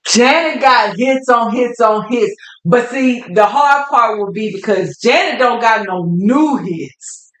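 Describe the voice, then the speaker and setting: A woman's voice: on the high side, takes it slowly. Chatty woman co-host in a roomy room. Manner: relaxed, talkative, laughs easily, colloquial. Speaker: podcast co-host. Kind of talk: casual chat. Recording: roomy echo.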